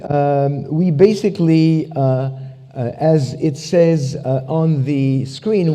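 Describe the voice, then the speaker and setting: A man speaks at a church conference, his voice rather high but dark and mellow. his jokes are peppered with casual fillers, and a long reverb trails his words around the hall. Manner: joking, lots of "you know" fillers. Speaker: conference speaker, ministry founder.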